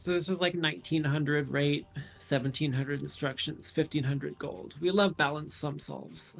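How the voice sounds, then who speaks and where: Male stream commentator, gravelly, slightly high, casual and analytical. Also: fairly even intonation, normal speed, soft background music. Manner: analytical, thinks aloud through numbers. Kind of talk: casual puzzle-solution commentary.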